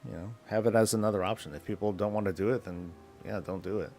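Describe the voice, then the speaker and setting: A man with a fairly low voice rambles casually through a live gaming stream and answers chat as he goes. Faint music plays underneath. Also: steady tone, fast talker, darkish tone. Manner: rambling, answers chat between in-game moves.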